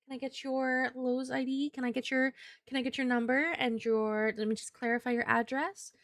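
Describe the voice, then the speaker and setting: A woman putting on the voice of a shy, apologetic young female service clerk, soft and slightly wavering. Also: sits high, level tone, moderate pace, no echo, studio quality. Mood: apologetic sweet. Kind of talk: acted quote in casual livestream chat.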